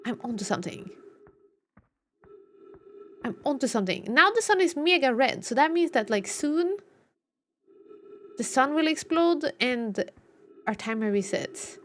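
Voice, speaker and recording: A woman's voice: sits high, animated, measured pace, a bit bright, a little hiss or hum. A young woman streaming a game live, reacting with giggles and playful exclamations as she plays. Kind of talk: live gameplay commentary.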